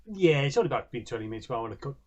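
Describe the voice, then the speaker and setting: A man co-hosting a casual game playthrough, talking haltingly and repeating words. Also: mid-range voice, animated, a little mellow, dull audio. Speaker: let's play co-host.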